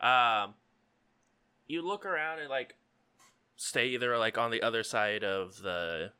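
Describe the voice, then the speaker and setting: A man narrating a tabletop game as game master, relaxed and full of ums and likes. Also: medium pitch, a little slow, smooth, no echo.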